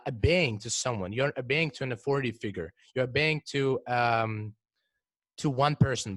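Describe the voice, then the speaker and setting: A man's voice: medium pitch, dry recording. A teenage boy co-hosting a casual podcast discussion, explaining ideas with frequent restarts and repeated words. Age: teens. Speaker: podcast co-host.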